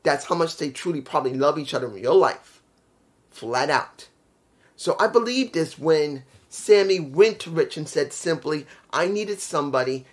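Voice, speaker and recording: A young man casually reviewing a wrestling show, rambling and repeating his points for emphasis. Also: on the high side.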